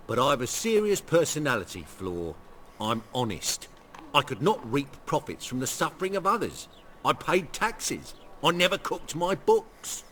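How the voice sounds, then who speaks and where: An actor playing a weary shapeshifter disguised as a ruined merchant, speaking wryly and ruefully in a video game. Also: male voice, a little high, a bit bright, a little hiss or hum, full character voice. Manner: wry, rueful and self-mocking. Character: weary middle-aged male shapeshifter posing as a ruined merchant. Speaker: game character.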